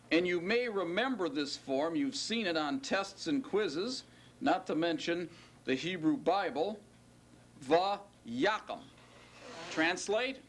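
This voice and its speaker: Over slight background noise, a male Hebrew teacher with a fairly high, slightly bright voice gives a lecture. He keeps quizzing the class and lingers on stressed words.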